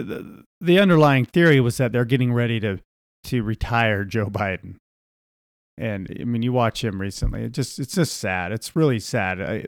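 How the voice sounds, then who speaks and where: Man, podcast co-host, casual, filler-heavy, hesitant, mid-pitched, dry recording. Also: darkish tone, no echo. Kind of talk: casual conversation.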